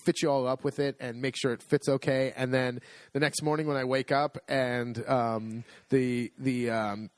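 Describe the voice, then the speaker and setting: A middle-aged man telling a story in a casual chat, animated and amused, acting out the lines of the people in it. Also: medium pitch, normal speed, no room sound. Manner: animated, amused storytelling with restarts and acted-out quotes. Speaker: podcast co-host.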